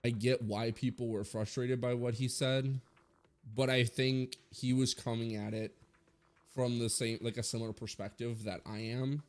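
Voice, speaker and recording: A man's voice: mid-range voice, level tone, moderate pace, a little mellow, faint music behind. A man in his twenties giving a blunt, rambling opinion rant full of swearing, as a streamer talking to his viewers.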